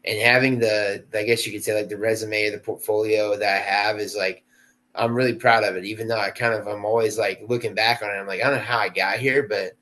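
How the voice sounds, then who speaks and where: Laid-back slangy man, low voice. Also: fairly even intonation, a little fast, sharp tone, rough recording. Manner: laid-back, slangy, many fillers like dude and stoked. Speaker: actor, podcast guest. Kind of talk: casual interview chat.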